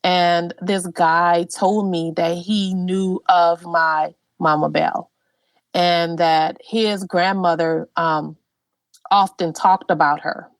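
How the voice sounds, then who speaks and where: Brief: middle-aged woman, lively heartfelt storyteller, dry close sound. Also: lowish voice, takes it slowly, no room sound. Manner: animated, heartfelt, with frequent fillers. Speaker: guest genealogist. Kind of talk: personal storytelling.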